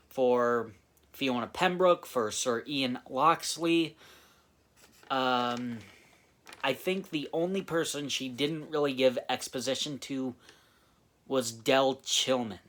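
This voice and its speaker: A man giving a casual spoken film review, halting and often restarting his phrases. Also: a little high, fairly bright tone. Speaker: movie reviewer.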